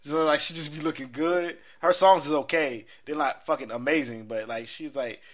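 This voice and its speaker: A man from the United States hosting a casual pop-culture chat. His voice sits high for a man and has a bright, forward edge. He rambles in loose slang and swears freely. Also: fairly even intonation, moderate pace. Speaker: podcast host.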